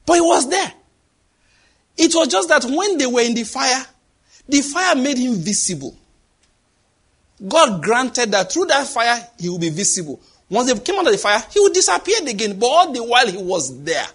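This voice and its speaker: Male preacher, high husky voice, dramatic and animated sermon delivery. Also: moderate pace. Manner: animated, dramatic, acts out voices and sound effects.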